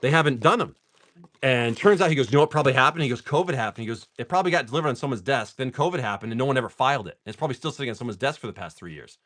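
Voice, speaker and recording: A man's voice: mid-range voice, racing. A man chatting casually on a livestream, telling a long story in a chatty style full of "dude" and "like". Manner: chatty and animated, says "dude" and "like" often. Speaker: livestream card seller. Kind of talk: casual storytelling while opening card packs.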